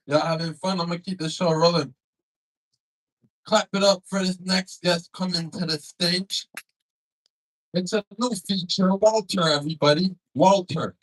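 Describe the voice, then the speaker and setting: A man's voice: high voice, steady tone, measured pace, fairly bright tone, low-quality recording. A man hosting a comedy show on a club stage, doing loose, profane crowd work and teasing the audience.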